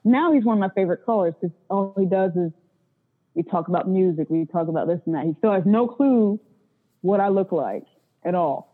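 A woman's voice: medium pitch, lively intonation, fairly quick. Blunt woman on a tinny phone line. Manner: blunt and profane, acts out callers' voices. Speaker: interview guest, phone sex worker. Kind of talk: candid casual storytelling.

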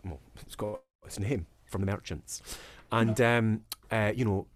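A man's voice: on the low side, fairly even intonation, unhurried. A man guesting on a podcast as an actor, chatting casually, laughing often and trailing off into fillers. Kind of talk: casual chat.

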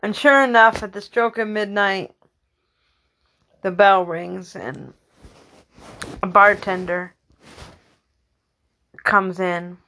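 A woman's voice: medium pitch, steady tone, slow pace, long pauses, sharp tone. A woman improvising a comic story loosely, correcting herself as she goes. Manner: loose, with restarts and self-corrections.

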